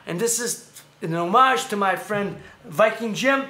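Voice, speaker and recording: Animated male livestream host, bright, ranting, roomy sound. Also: high-pitched, measured pace. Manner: animated, ranting, laughs and shouts at times. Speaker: show host. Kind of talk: casual livestream rant and chat.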